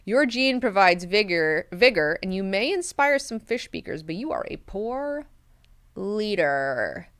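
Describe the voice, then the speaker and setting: A calm, lecturing older male servant, as a woman paraphrases him in her own voice. He sounds measured and scolding, with casual slang slipping in. The voice is smooth and clear in a dry, close recording. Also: medium pitch, no echo.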